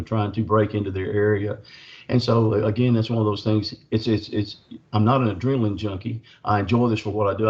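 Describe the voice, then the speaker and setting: A middle-aged man, a Bigfoot researcher appearing as a podcast guest, tells the host about his encounter in a folksy, rambling way full of fillers. His voice is fairly low with a darkish tone, and the recording sounds muffled.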